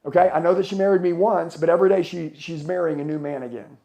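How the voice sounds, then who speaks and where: A middle-aged man with a slightly high, gravelly voice preaches hustle and mindset to a conference crowd. He is blunt and fired-up, swears freely, and keeps throwing questions at the listeners. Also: fast talker, mellow. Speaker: motivational speaker. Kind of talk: profane motivational speech to a live audience. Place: conference hall with a live audience.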